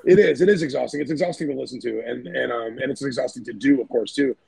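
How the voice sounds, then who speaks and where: A man's voice: medium pitch, fast, darkish tone, no room sound, poor audio. A man, a band's singer and guitarist, talking casually and loosely in a podcast chat, with lots of fillers and swearing. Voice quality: gravelly, husky voice. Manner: rambling, loose, swears often, many fillers.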